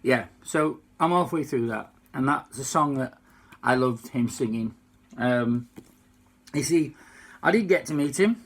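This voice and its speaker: A man with a Yorkshire accent, unwell, chatting to fans in a halting, heartfelt way. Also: medium pitch, animated. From Yorkshire, England. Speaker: singer and tribute impersonator. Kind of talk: casual fan video chat.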